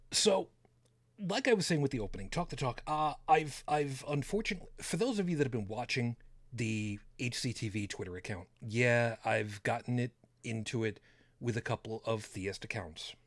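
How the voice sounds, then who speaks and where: A man hosting a casual podcast, talking bluntly and swearing freely. His pitch swings widely as he talks, and the sound is dry and close with no room echo. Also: expressive, moderate pace. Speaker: podcast host. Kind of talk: casual chat.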